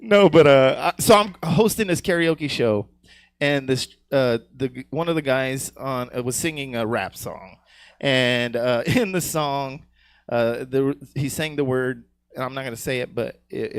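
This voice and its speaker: A man's voice: mid-range voice, no echo. A man doing a live stand-up set on a comedy stage, crude and rambling, laughing at his own jokes and often asking "you know what I'm saying".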